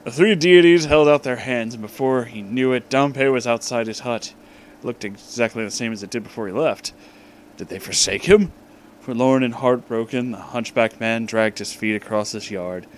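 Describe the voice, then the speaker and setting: A man's voice: mid-range voice, moderate pace, a little hiss or hum, low-quality recording. A man reading a fanfic aloud for comedy, reacting with disbelief. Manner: incredulous, breaking into laughter between lines. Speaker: reader.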